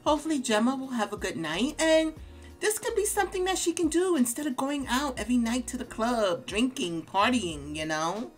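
A woman hosting a casual game let's play, chatting to viewers and reacting out loud to the game. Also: high voice, animated, moderate pace, faint music behind.

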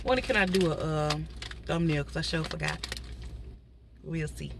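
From the seat of a parked car, a woman vlogger talks to her viewers in a deep, slightly slow voice with vocal fry, a little stuffy from a cold. It is a casual mukbang chat aimed straight at the audience, full of asides, with background noise behind her.

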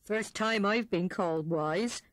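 A woman's voice: medium pitch, a little slow, no room sound, lightly acted. Woman playing a kindly grumbling old hedgehog. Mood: gruff. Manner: grumbling, homely. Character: kindly old male hedgehog, gruff and plain.

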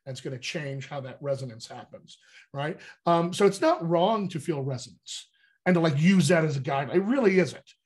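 A man with a slightly higher voice talks as a dialect coach in a teacherly way. He checks in often with a quick "right?". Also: expressive, a little mellow. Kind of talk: explanatory interview talk.

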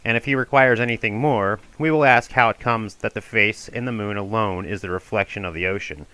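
A man with a lowish voice and a bright, forceful tone reads an ancient dialogue aloud. His delivery is measured and formal, and he slows down for the verse passages. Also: no echo, rough recording. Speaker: reader of a classical dialogue. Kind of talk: audiobook reading of an ancient dialogue.

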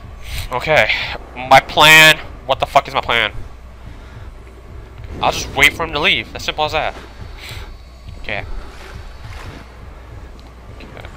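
A man playing a horror video game, commentating with panicky swearing, switching between yelling and muttering. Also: mid-range voice, slow, pauses often, a little hiss or hum. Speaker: gaming video host.

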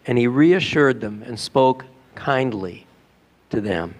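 A man's voice: mid-range voice, expressive, slow. A male pastor preaching a sermon in a church, telling a story in a conversational way with rhetorical questions. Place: church sanctuary.

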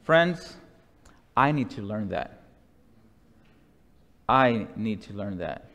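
A man preaching a sermon slowly and deliberately, sometimes dropping to a soft hush. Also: fairly low pitch, animated. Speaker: pastor. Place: church sanctuary. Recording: long church reverb.

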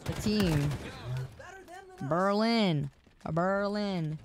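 With a fairly low pitch and lively intonation, this woman speaks at a slow pace with long pauses, over a little hiss or hum. She's tired from a late night, gaming on a live stream and casually chatting with viewers through a close desk mic in an exasperated, laughing way.

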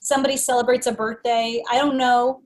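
A woman with a high voice talks in a loose, casual podcast conversation. She tells stories with energy and slips into little acted-out bits of her own inner voice. The delivery stays chatty and expressive. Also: brisk. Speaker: podcast co-host.

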